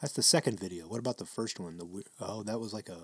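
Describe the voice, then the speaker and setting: A man's voice: fairly low pitch, fast, fairly bright tone, slightly rough, no room sound. A man co-hosting a casual comedy chat, with a wry, teasing manner. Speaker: podcast co-host.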